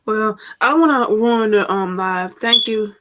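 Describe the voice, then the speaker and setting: A woman calling into a live panel, soft and hesitant, unwell with covid. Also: mid-range voice, measured pace, background noise. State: sick with covid. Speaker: caller.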